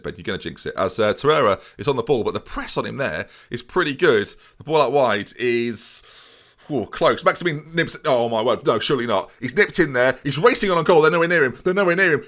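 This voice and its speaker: Excitable man commentating a football game. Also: medium pitch. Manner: excitable, mock-commentator, addresses viewers constantly. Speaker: gaming YouTuber.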